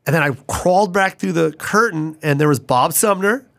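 Higher-voiced middle-aged man telling stories. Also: moderate pace, gravelly, no echo. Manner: lively, swinging into character voices. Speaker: guest comedian. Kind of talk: conversational storytelling.

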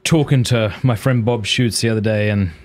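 A man's voice: on the low side, steady tone, moderate pace, a little mellow. A man hosting a podcast, talking earnestly and confessionally as a father, with small acted quotes of others. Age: adult father of children. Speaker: podcast host. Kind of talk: casual podcast conversation.

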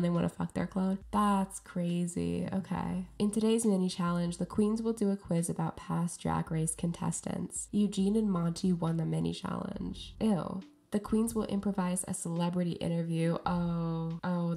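A woman's voice: lowish voice, gravelly, darkish tone. A young woman with a stuffy nose, giving casual, sarcastic commentary on a game. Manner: sarcastic, snarky. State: congested, stuffy. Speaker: gaming commentator.

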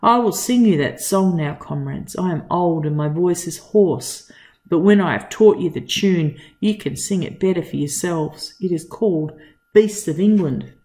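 A teacher reading aloud as an old boar leader giving a solemn, measured rousing speech to the farm animals. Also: medium pitch, a little mellow, roomy sound, lightly acted.

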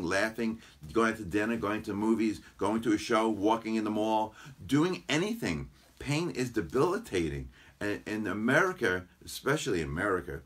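Deep husky-voiced man telling stories. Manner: animated anecdotes, quotes patients in voices. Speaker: chiropractor guest. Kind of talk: casual interview storytelling.

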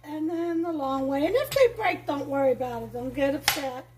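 A woman with a Brooklyn accent hosting a home cooking show, chatting warmly to viewers as she demonstrates a recipe. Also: sits high, moderate pace, background noise. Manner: chatty, enthusiastic, talks to viewers. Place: home kitchen.

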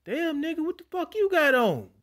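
A man voicing a mocking male onlooker who jeers in a shrill, high voice. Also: sing-song, moderate pace, fairly bright tone, heavily acted. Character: mocking man jeering at old-fashioned clothes.

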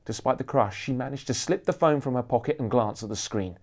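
A man reading aloud from his own thriller novel, lively and expressive in his narration. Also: medium pitch, fairly quick. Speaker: author reading his book.

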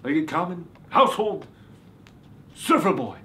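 A man's voice: high voice, very animated, unhurried, a little hiss or hum, heavily acted. A man voicing a campy male vampire who calls himself a reformed beach boy, speaking in a hammy, theatrical manner. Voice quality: theatrical, sudden shouts. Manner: hammy, boastful. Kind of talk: comedy sketch.

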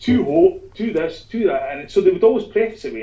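A man with a Scottish accent, an author chatting as an interview guest, telling animated, sweary anecdotes. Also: high voice, fairly quick. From Scotland. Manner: animated storyteller, swears freely. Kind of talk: casual interview chat. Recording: dull lo-fi sound.

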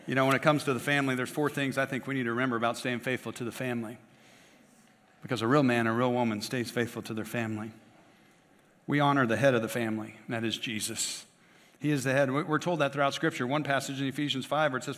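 A man's voice: medium pitch, steady tone, quick pace, fairly bright tone, in a large hall. A man preaching a sermon in a conversational way, often checking in with rhetorical tag questions and adding playful asides. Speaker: pastor. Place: church sanctuary.

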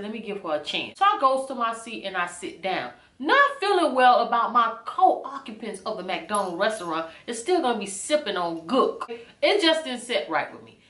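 A woman vlogger telling a storytime rant in an animated, indignant way. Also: on the high side. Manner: animated, indignant storytelling with a few whispered bits. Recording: echoey room.

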